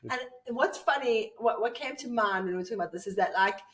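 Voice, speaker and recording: A woman co-hosting a podcast in casual chat, thoughtful and quick to laugh, working through examples. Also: a little high, a bit bright, far from the mic. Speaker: podcast co-host.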